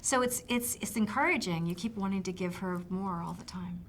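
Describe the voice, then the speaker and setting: A woman's voice: mid-range voice, a little fast, a little hiss or hum. An American woman in a casual press interview, chatty and laughing easily. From United States. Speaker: actress, interviewee.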